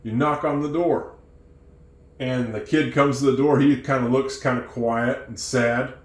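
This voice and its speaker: A man teaching English who tells a moral story, acting out its characters with lively changes of voice. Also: mid-range voice, unhurried, echoey room. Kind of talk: storytelling lesson.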